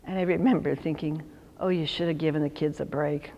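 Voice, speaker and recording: A woman's voice: deep voice, steady tone, a little fast, long reverb tail, lo-fi sound. A woman in her sixties from Chicago, a religious sister telling stories in an interview, acting out the voices she quotes and laughing often. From Chicago, USA. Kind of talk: storytelling in an interview.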